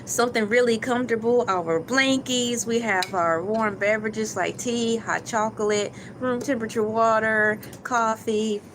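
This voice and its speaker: Playful high-voiced woman livestream host. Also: fairly even intonation, a little slow, hardly any pauses, noisy background. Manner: playful, jokey, drops into silly put-on voices. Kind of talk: casual morning livestream chat.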